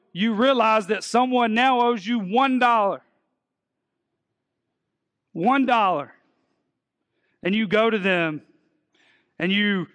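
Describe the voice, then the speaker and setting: A man's voice: high-pitched, a bit bright, big-room sound. A man preaching a sermon, earnest and repeating words as he builds his points. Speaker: pastor.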